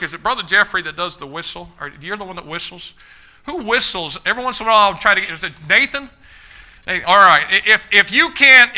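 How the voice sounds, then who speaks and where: Fiery Baptist-style pastor, man, 50s, high and sharp-toned, preaching to a congregation. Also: low-quality recording. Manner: fiery, repetitive emphatic preaching with rising shouts. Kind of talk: sermon. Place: church sanctuary.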